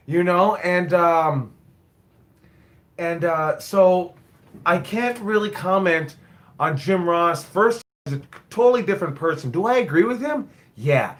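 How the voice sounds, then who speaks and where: A man's voice: high voice, expressive, measured pace, fairly bright tone. A man in his forties, a wrestling coach, rambling bluntly and swearing freely in a casual live stream. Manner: blunt, profane, rambling storyteller. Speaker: wrestling school owner and head coach.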